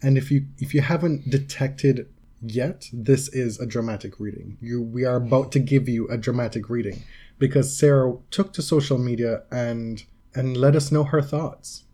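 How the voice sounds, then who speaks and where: Mellow-voiced man co-hosting a podcast. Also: mid-range voice, moderate pace. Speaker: podcast co-host. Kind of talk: casual podcast chat with dramatic reading.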